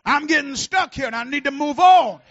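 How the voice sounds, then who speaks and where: Pastor guy preaching loud, real high voice, gravelly, kinda muffled lo-fi sound. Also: fairly quick. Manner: shouting, preaching with rising fervor. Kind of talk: sermon.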